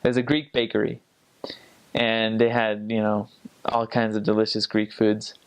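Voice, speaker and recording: Young guy, kinda low voice, rambly casual chat, lots of ums and likes. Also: level tone, moderate pace, clean tone. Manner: rambling, many fillers and restarts, imitates accents. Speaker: returned missionary. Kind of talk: casual storytelling.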